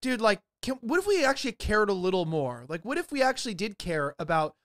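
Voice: medium pitch, very animated, brisk, a bit bright. A podcast co-host reacts to a clip in a loose, conversational way, leaning on filler words and trailing thoughts. The delivery is casual and unpolished. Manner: chatty, filler-heavy.

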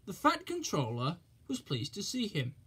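A man narrating a children's storybook in a gentle, measured reading manner. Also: sits high, huge pitch swings, slightly rough.

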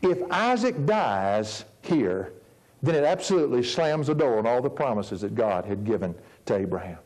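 A man in his fifties, a pastor preaching a sermon in an earnest, emphatic way, slowing down to stress key words. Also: medium pitch, darkish tone, poor audio. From United States. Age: 50s.

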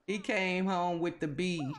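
Chatty woman scolding her game characters. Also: on the low side. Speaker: gaming video host. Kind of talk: casual game commentary.

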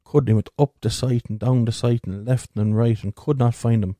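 A man's voice: medium pitch, fairly even intonation, fairly quick, warm tone, dry recording, clean studio sound. A man with a stutter hosting a podcast, telling crude, rambling jokes and swearing freely. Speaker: podcast host.

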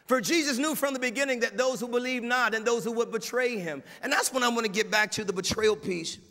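High, gravelly preaching man in a reverberant hall. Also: brisk. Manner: animated preaching, swinging from quiet asides to shouted mimicry. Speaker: pastor. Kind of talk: sermon. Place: church sanctuary.

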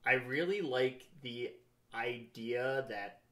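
A man's voice: mid-range voice, slow, fairly bright tone. A man who is a bartender, a podcast guest, talking in a laid-back, hesitant way with frequent fillers. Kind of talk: casual podcast interview.

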